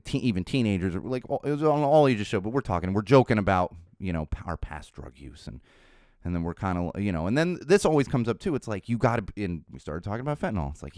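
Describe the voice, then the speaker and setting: A middle-aged man hosts a casual podcast, his rather low voice swinging up and down with lots of life. He rambles as he tells stories, restarting sentences and drifting into asides. The sound is close and dry, with no room around it. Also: a little mellow, no echo. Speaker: podcast host.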